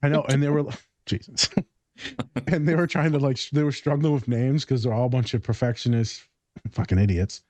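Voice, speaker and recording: A man's voice: medium pitch, steady tone, brisk, darkish tone, no room sound. A man co-hosting a podcast in casual chat, joking and rambling, swearing casually. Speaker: podcast co-host.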